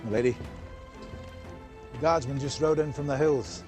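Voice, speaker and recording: An actor with a northern English accent playing a gruff, no-nonsense older man-at-arms. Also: medium pitch, steady tone, normal speed, over music, close to an everyday voice. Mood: urgent. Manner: blunt, dutiful.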